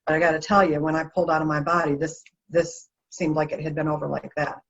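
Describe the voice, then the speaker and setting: A woman, an interview guest, telling stories in a lively, expressive way. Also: low-pitched, fast talker. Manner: animated, lively storyteller. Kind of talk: expressive storytelling. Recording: dull lo-fi sound.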